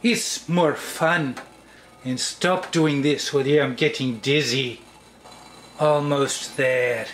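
A man's voice: on the high side, lively intonation, slow pace, fairly bright tone, slight background noise. A man hosting a home cookware test vlog, who talks playfully to the pan as if it were a person. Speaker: channel host.

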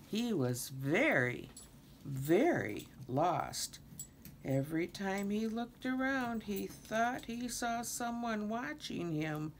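An older woman reads a children's picture book aloud at an unhurried pace. Her pitch swings widely as she tells the story. Faint background noise sits under her voice. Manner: slow, expressive reading with many character voices. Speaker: storybook reader.

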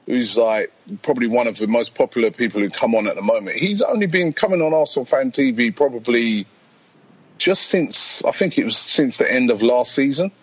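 A podcast guest who founded a fan channel chats casually, rambling through stories, quoting people and laughing often. His medium-pitched voice is animated and brisk with a breathy edge, captured on lo-fi audio.

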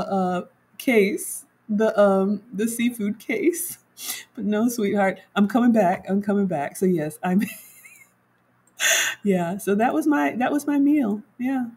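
A woman's voice: medium pitch, takes it slowly, darkish tone, husky, low-quality recording. A woman home cook chatting casually on a livestream, walking viewers through her cooking and reading their comments aloud.

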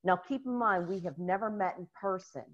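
An American woman, a guest in a casual interview, telling stories in an animated way and laughing often. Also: lowish voice, brisk, muffled recording. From United States.

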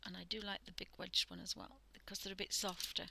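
On her live art stream, a British woman draws while chatting casually, softly and often in a half-whisper, with plenty of fillers. Her mid-range voice is gravelly, quick, and shows little pitch movement, with background noise behind it.

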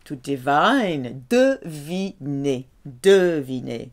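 A woman teaching French, carefully saying each example and explaining its meaning. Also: lowish voice. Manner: slow, careful, lively delivery with drawn-out French examples. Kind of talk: language lesson.

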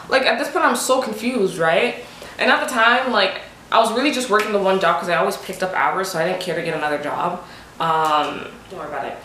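A woman's voice: medium pitch, brisk, a little hiss or hum. Young woman ranting through a storytime, emphatic, lots of "like, what?", echoey room. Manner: animated, emphatic, full of rhetorical questions. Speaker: vlogger. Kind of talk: storytime vlog. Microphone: desk USB microphone. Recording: roomy echo.

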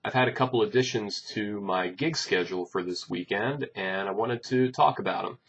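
A man, a bassist, chatting casually to his followers about upcoming gigs, rambling and joking with many fillers. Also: normal speed, fairly bright tone, slightly rough, lo-fi sound. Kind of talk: casual chat to camera.

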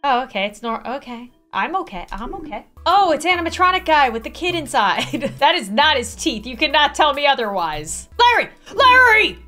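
A young woman hosts a gaming video with a bright, sharp voice that swoops all over its range. She hams it up, swinging from loud squeals to low, creepy murmurs as she plays a clingy old friend. Faint game music sits behind her. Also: very animated, normal speed, few pauses. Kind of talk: let's-play commentary.

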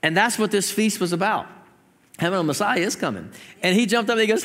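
A man preaching a sermon as pastor, telling the story with jokes and sudden shouted lines. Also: sits high, animated, fast. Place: church sanctuary. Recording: long church hall reverb.

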